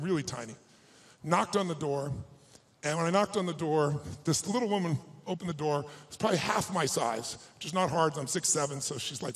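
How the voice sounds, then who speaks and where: A man's voice: fairly high pitch, a bit bright. Emphatic male motivational speaker on stage. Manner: emotional storytelling, emphatic and exhorting. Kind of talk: live stage talk to an audience.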